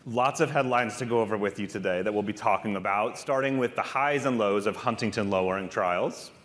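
A man's voice: on the low side, a little fast, fairly bright tone. A man co-hosting a mock news segment, reading headlines in a slightly self-conscious way. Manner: self-conscious, laughing newsreader. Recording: echoey hall with background noise.

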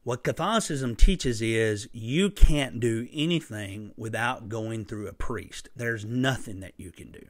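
A man preaching a sermon through a personal story, impassioned and emphatic, with sudden loud bursts. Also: mid-range voice, measured pace, hardly any pauses, no room sound, studio quality.

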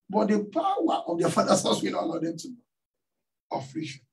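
A man's voice: sits high, big pitch swings, moderate pace, vocal fry, distant mic, low-quality recording. A man preaching a sermon, telling a story and tossing questions out to the congregation. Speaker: pastor. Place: church hall.

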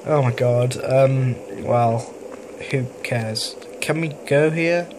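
A man's voice: medium pitch, slow pace, noisy background. A young man casually commentating a horror game at home, rambling and hesitant, laughing when he gets scared. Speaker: gaming YouTuber. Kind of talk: casual let's play commentary. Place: home room, family noise downstairs.

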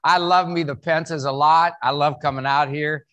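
A man with a Southern accent gives a keynote at an event, spinning folksy jokes and stories. His voice sits a little high for a man. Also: steady tone, moderate pace, fairly bright tone. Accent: Southern American. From West Virginia. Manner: folksy, joking storyteller. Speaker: keynote speaker. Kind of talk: humorous motivational talk. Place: event hall.

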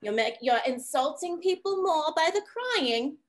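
A woman voicing a brash, fast-talking auntie in a tabletop game, giving blunt tough-love encouragement. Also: high voice, expressive, pitched above the performer's own voice. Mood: firm, rousing. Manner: firm, brisk pep talk with commands.

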